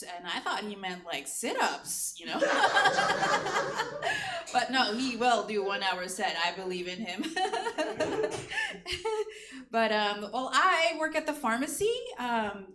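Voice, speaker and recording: A woman's voice: medium pitch, very animated, slow pace, background noise. A woman hosting a comedy show and doing a stand-up set, chatty and laughing at her own jokes, with many filler words. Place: comedy stage in an echoey room. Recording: echoey live room recording.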